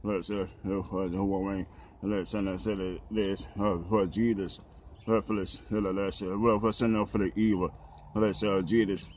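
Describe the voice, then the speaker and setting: A man talking haltingly about the Bible, with many pauses, fillers and restarts. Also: low-pitched, little pitch movement, darkish tone, slight background noise.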